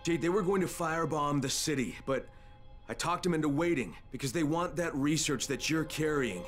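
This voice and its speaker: A man's voice: on the high side, a little fast, faint music behind, close to an everyday voice. An actor playing a determined male agent who talks in an earnest, urgent way.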